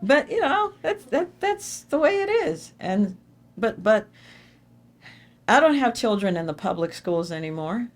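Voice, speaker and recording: Woman speaking at an awards dinner, storytelling, voice leaps up high then drops, hammers lines home by repeating them. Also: big pitch swings, unhurried. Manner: emphatic storytelling with sudden pitch jumps; repeats phrases for emphasis. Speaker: award honoree giving a speech. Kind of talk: inspirational dinner speech. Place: dinner event hall.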